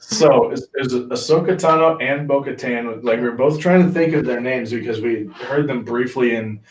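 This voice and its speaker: Brief: relaxed male co-host, casual fan chat, mic a bit far off in an echoey room. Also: mid-range voice, moderate pace. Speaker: podcast co-host. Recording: roomy, distant from mic.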